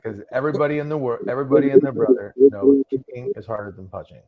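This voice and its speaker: A man with a mid-pitched voice argues confidently and in a teasing tone. Clear crowd chatter runs behind him. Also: quick pace, narrow, tinny audio. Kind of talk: casual podcast chat.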